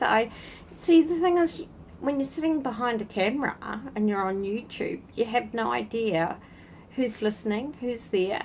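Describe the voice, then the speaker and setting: A woman's voice: mid-range voice, slight background noise, rough recording. Chatty woman on an outdoor livestream. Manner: chatty, warm greetings to viewers by name. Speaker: spiritual channel host. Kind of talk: casual livestream chat. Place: outdoors at night in a breeze.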